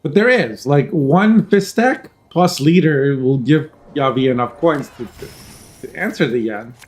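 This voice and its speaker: A man casually commentating a card game tournament over a headset, joking and rambling, often clearing his throat. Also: medium pitch, unhurried, darkish tone. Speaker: tournament caster.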